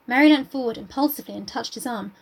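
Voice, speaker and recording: Husky young woman, chatty. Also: fairly high pitch, fast talker. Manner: chatty retelling with "like". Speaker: podcast co-host. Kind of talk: casual book-club chat and reading aloud.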